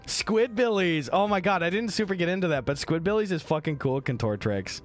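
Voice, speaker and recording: A man's voice: a little high, fairly quick, hardly any pauses, faint music behind. A young man from the American Midwest chatting casually on a live stream, joking, swearing and reading viewer messages aloud. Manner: animated, joking, swears a lot, reads chat aloud.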